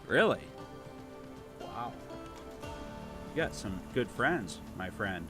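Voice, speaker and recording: A man with a Toledo, Ohio twang hosts a relaxed gameplay stream in a low-pitched voice. He rambles easily and reads out comments from viewers, with faint music playing underneath. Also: very slow. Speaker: livestream host. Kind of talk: casual gameplay livestream chat.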